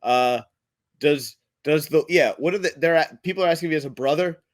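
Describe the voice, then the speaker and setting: A man hosting his own comedy show, delivering a profane rant in a blunt, crude, halting way. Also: a little high, dry recording. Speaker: podcast host and comedian.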